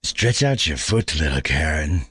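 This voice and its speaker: A man's voice: very deep voice, very animated, measured pace, a bit bright, breathy edge, no echo, full character voice. A man playing a sly, kindly old soldier who talks in teasing riddles. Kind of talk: amateur play reading.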